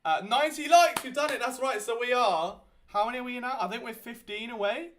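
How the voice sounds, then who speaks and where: A man with a British accent hosting a live sports draft watchalong, chatty and excitable, often correcting himself mid-thought. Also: very high voice, brisk, a little hiss or hum. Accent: British English. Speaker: host.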